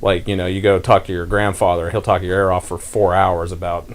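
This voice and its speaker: A man's voice: deep voice, flat delivery, fairly quick. A young man from North Carolina hosting a casual podcast chat and rambling through his points with many fillers. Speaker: podcast host.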